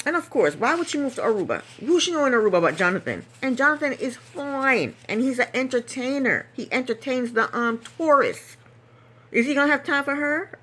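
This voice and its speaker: Lively, chatty woman recapping TV. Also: high-pitched, moderate pace. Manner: chatty and opinionated, laughs and repeats herself for emphasis. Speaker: reality TV recap host. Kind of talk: casual solo recap monologue.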